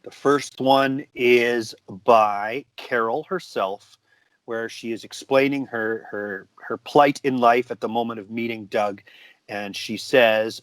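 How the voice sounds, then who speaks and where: A man's voice: medium pitch, steady tone, takes it slowly, a bit bright, dry recording. A man co-hosting a casual movie review podcast, laughing often as he reads out quotes. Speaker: podcast co-host.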